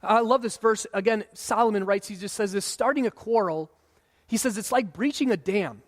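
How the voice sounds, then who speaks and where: A man in his thirties preaching a sermon in a relaxed, conversational way, sometimes acting out what people say. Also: high voice, normal speed. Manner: conversational preaching, acts out quoted voices. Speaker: pastor. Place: church sanctuary. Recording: long hall reverb.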